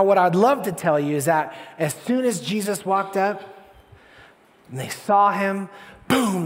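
A man pastor preaching a sermon with animated storytelling, swinging between hushed and loud. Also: high-pitched, in a large hall.

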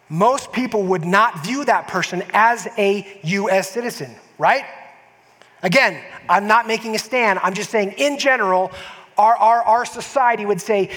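A man's voice: high voice, normal speed, fairly bright tone. A man preaching a sermon as a pastor, conversational with frequent restarts and emphatic asides to the congregation. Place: church sanctuary. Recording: long church hall reverb.

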